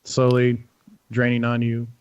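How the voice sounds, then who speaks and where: A man's voice: mid-range voice, completely flat delivery, unhurried, darkish tone, clean tone, dry recording. A young man narrating a tabletop game as game master, rambling casually with lots of fillers and restarts. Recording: dull dry lo-fi audio.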